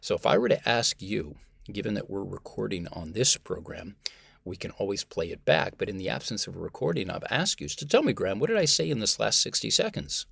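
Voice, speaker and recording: An American man, a communication professor, talking as a guest in a conversational interview, animated and emphatic. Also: fairly low pitch, fairly quick, vocal fry, breathy edge, no echo, clean studio sound. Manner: animated and emphatic, acts out example voices.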